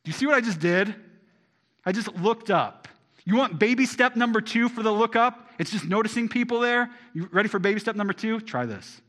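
A man preaching a sermon to a congregation, asking them rhetorical questions and swinging between loud emphasis and quiet asides. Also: sits high, animated, a little fast. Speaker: pastor.

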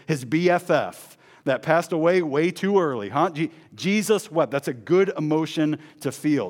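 A man preaching a sermon, swinging between emphatic proclamation and hushed, low intensity, with chatty asides and repeated words. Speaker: pastor.

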